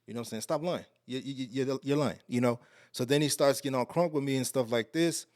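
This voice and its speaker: Guy from texas telling a wild story on a podcast, slangy and worked up, mid pitch, dry room. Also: fast talker, no echo. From Alief, Houston, Texas. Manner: animated, slangy, getting louder and higher as the story builds. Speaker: podcast guest. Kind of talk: casual storytelling.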